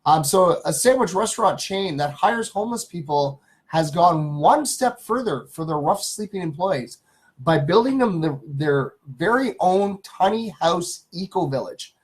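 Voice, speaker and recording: Live-stream host, male, slightly higher voice, reads good-news stories in a loose, chatty way with lots of ums. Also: expressive, a little slow. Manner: chatty, greets chat viewers, many ums and uhs.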